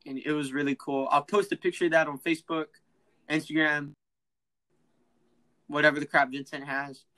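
A teenage boy tells a prank story on a casual mini podcast with a fairly high voice. He is excitable and slangy, and he keeps slipping into voices for the people in the story. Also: moderate pace, rough recording. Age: teens. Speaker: podcast host.

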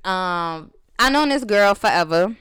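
A woman's voice: mid-range voice, expressive, measured pace, fairly bright tone, smooth, no echo. A young woman with a Chicago accent, co-hosting a casual chat and talking bluntly with plenty of slang and swearing. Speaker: podcast co-host.

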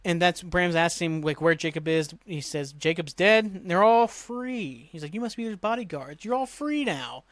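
A man's voice: a little high, fairly bright tone, dry recording. Rambling man recapping a show. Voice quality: rambling, swears, acts out lines with quick voice jumps. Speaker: podcast host. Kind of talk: casual episode recap.

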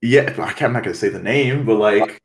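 A young man from Canada co-hosting a podcast, telling stories in casual, animated chat with swearing. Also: lowish voice, fairly quick. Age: young adult. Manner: animated storytelling, swearing, quoting others. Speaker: podcast co-host.

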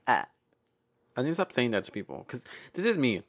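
A young man hosts his podcast alone, telling stories in a sassy, profane way. His pitch swings widely as he talks. He laughs often and drops fillers between sentences. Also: wildly swooping pitch, brisk. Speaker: podcast host. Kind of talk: casual storytelling monologue.

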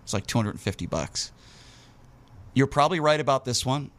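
A man telling a long personal story in casual talk, animated and indignant, with his voice jumping up in bursts. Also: mid-range voice, fairly quick. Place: Las Vegas local.

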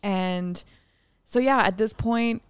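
A woman's voice: mid-range voice, slow pace, clear, resonant tone, no echo. A young woman co-hosting a podcast, telling a personal story candidly, swearing freely and laughing often. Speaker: podcast co-host.

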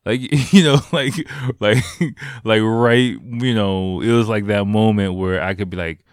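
A man with a very low voice tells a personal story in a loose, rambling way. He swears freely and fills his talk with "like" and "you know." The sound is dry and close. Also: steady tone, unhurried, no room sound. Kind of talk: casual storytelling.

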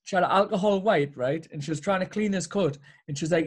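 A man's voice: sits high, fast talker, hardly any pauses. A young man with a Geordie accent, co-hosting a podcast and telling crude stories with a laugh. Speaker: podcast co-host. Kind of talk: casual chat.

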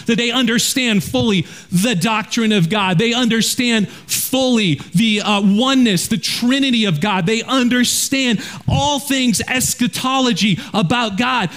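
A man preaching a verse-by-verse sermon as a pastor, earnest and direct, often dropping low and quiet to drive a point home. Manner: earnest preaching, drops low and quiet for emphasis, repeats words when restarting.

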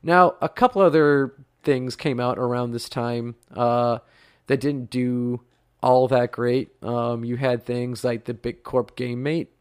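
A man's voice: mid-range voice, steady tone, slow, clear, resonant tone, no room sound, clean studio sound. A man in his thirties from the United States, hosting a podcast in a chatty, rambling way with lots of fillers. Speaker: podcast host. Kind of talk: casual podcast talk.

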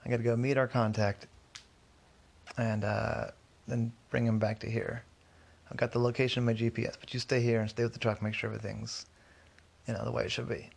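A scheming male crook casually bossing his partner around in a storybook caper, as a man voices him. His voice is low and gravelly. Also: flat delivery, a little fast. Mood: bossy. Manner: offhand, giving orders.

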